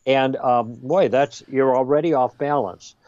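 A man guest on a podcast, explaining ideas in a lively conversational way and acting out exchanges. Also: medium pitch, a little slow, dry recording, lo-fi sound. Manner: lively, role-plays exchanges with emphasis. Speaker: guest author.

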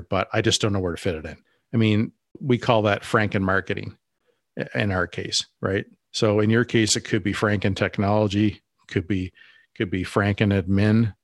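A co-host of a business podcast chats casually, rambling along with frequent restarts and side remarks. His voice is lowish and a bit bright, recorded with studio quality and no echo.

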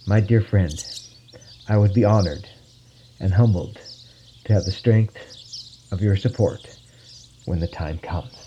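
A man playing a gentle, soft-spoken holy teacher. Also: on the low side, animated, moderate pace, muffled recording, slight background noise, lightly acted. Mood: tender. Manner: soft, tender, reassuring. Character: gentle, tender male holy teacher, calm and comforting.

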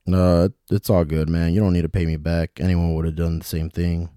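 A man voicing a laid-back young male elf who talks in a slow, hesitant drawl. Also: low voice, little pitch movement, mellow, smooth, no echo, studio quality, natural voice.

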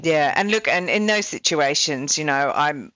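A woman's voice: low-pitched, lively intonation, moderate pace, fairly bright tone, no room sound. Woman podcast host, dull dry sound. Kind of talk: conversational interview.

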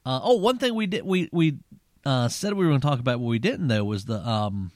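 A man telling stories to a friend in casual talk. He is animated and keeps restarting his sentences. The sound is close and dry, with no room around it. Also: mid-range voice, fairly quick, no echo. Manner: animated storyteller, many restarts. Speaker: podcast co-host. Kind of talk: casual film chat.

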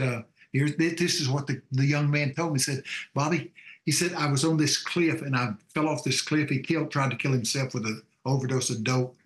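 A man's voice: mid-range voice, a bit bright, echoey room. A man, a pastor telling a testimony and preaching in a folksy, fervent cadence. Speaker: pastor and show guest. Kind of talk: preaching testimony on a call-in show.

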